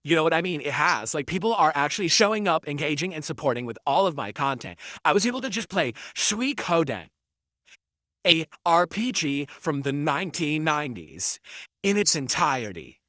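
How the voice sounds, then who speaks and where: A man's voice: fairly high pitch, big pitch swings, moderate pace, a bit bright, no room sound, studio quality. A man streaming casually, reading out viewer tips, mocking his trolls and rambling as he justifies himself. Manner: mocking, gloating toward trolls; rambling, self-justifying monologue.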